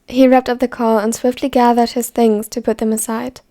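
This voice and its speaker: A woman narrating a fan story in an even, measured reading voice. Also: a little high.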